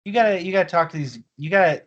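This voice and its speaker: A man's voice: high voice, very fast, highs cut off. A man playing a tabletop game in character, brash and demanding. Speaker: player.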